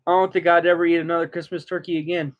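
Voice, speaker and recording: A man's voice: level tone, fast talker. A man chatting casually while reacting to something, breaking into frequent laughter. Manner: laughs often, giggly high laughter. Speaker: vlogger reacting. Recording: dull lo-fi sound.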